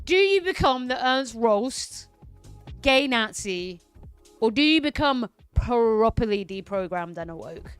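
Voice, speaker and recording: A woman's voice: fairly high pitch, big pitch swings, measured pace, clear, resonant tone, soft background music. A woman streamer ranting through casual political commentary, heated and profane.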